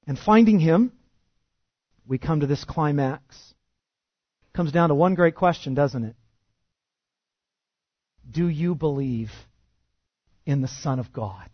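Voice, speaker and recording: A male pastor preaching a sermon, animated and shifting from loud emphasis to hushed intensity. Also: on the high side, takes it slowly, pauses often, slightly rough, dry recording, highs cut off.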